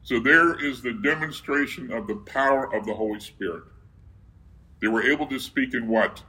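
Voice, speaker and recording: A man's voice: medium pitch, moderate pace, bright, forceful tone, rough recording. A man preaching a sermon who reads scripture aloud and keeps asking his listeners questions, then answering them himself.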